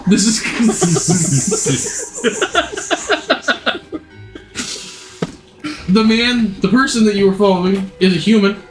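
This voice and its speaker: A man narrating a tabletop game as its game master, with a fairly high voice. He rambles and corrects himself as he goes. The room is echoey and faint music plays behind. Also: very animated, extremely slow, long pauses, fairly bright tone. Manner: rambling with restarts and laughs.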